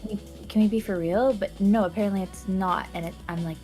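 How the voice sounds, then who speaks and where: A woman's voice: mid-range voice, steady tone, fast, mellow, faint music behind. A woman chatting casually as a guest, playfully mock-indignant and exaggerated. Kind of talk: casual chat.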